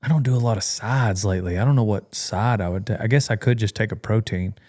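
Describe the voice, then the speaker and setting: A man's voice: on the low side, fast talker, darkish tone. A man hosting a casual podcast chat, joking and bantering with drawling humor. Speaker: podcast host.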